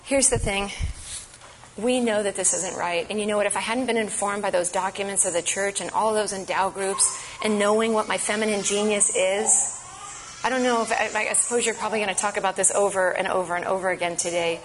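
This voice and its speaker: A woman's voice: mid-range voice, fairly even intonation, brisk, noisy background. A woman giving an impassioned, emphatic advocacy talk at a church event. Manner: earnest, emphatic, urgent.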